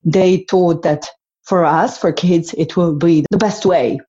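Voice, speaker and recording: A woman's voice: on the low side, fairly even intonation, a little slow, warm tone, muffled recording. A woman from Slovenia, an entrepreneur and interview guest, talking earnestly and reflectively, sometimes restarting her sentences. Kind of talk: casual conversation.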